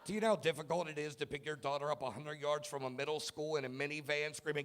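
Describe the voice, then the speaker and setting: A man in his thirties doing a stand-up comedy set in a club, telling self-mocking stories about his kids and bursting into shouted punchlines. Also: on the high side, fast talker. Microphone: handheld stage mic.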